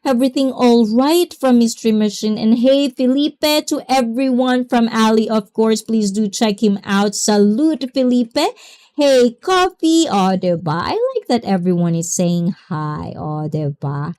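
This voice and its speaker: A woman's voice: fairly high pitch, measured pace, a little mellow. A woman hosting a livestream, greeting viewers by name and chatting casually with effusive exclamations. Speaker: livestream host. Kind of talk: casual livestream chat reading comments.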